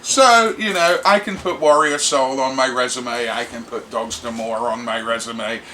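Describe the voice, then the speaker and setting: A middle-aged man, a rock musician telling stories in a brash, animated interview. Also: mid-range voice, normal speed, a little hiss or hum. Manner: brash, animated, does voices for quoted people. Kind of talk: casual storytelling interview.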